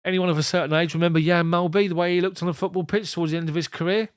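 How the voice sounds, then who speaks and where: Man, live football commentary, clipped play calls, chatty asides, slightly high voice, dry close sound. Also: fairly even intonation, very fast, clear, resonant tone, dry recording. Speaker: fan commentator and streamer. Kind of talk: live ball-by-ball match commentary.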